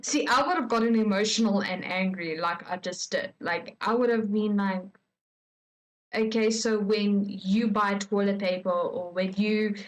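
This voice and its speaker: A woman's voice: medium pitch, rough recording. A woman reading online stories aloud in casual commentary, chatty and talking straight to her viewers, working herself up into a rant. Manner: chatty, talks straight to viewers, gets worked up and ranting.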